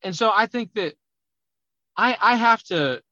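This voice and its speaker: A man talking loudly and emphatically as a business coach in a conversational podcast interview. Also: sits high, a little slow, dry recording, lo-fi sound. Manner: loud, emphatic, animated talker. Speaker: auto repair business coach.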